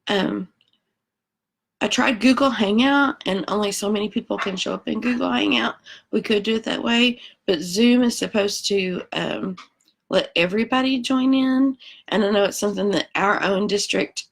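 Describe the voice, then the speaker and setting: A woman's voice: medium pitch, normal speed, vocal fry. A woman teacher talking to kids and parents before a read-aloud lesson, chatty with many ums.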